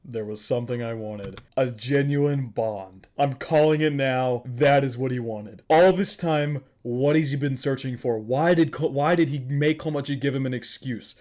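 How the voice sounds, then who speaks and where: A man's voice: medium pitch, normal speed, hardly any pauses, darkish tone. A man giving casual, emotional anime reaction commentary, gushing and repeating himself.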